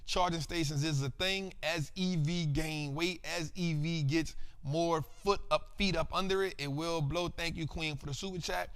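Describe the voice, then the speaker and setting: A man's voice: on the high side, steady tone, normal speed, hardly any pauses, fairly bright tone, clear, resonant tone. A man hosting a live finance stream, talking casually in slang and calling out to his viewers in the chat. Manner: hyped, slangy, calls out to viewers. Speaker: host of a finance livestream. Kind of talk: casual livestream talk with chat shout-outs.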